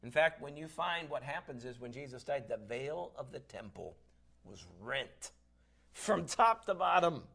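A man preaching a sermon, moving between quiet, drawn-out phrases and loud, emphatic lines. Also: medium pitch, gravelly, breathy edge. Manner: dynamic preaching, swings between hushed and emphatic. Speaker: pastor.

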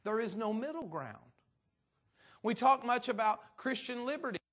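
A man with a notably high voice preaches to his congregation. He speaks in an easygoing, storytelling way, full of asides, then turns firm and emphatic when he drives home a point of doctrine. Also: animated, moderate pace, a bit bright. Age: adult parent. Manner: folksy and conversational, turning emphatic on doctrine. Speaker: pastor. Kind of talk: sermon.

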